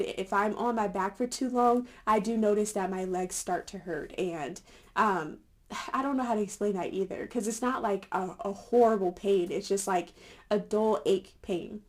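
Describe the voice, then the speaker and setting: A young adult woman chatting casually to her viewers, filling pauses with "um" and "like" and laughing often. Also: medium pitch. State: a little winded. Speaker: vlogger. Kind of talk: casual chat to camera.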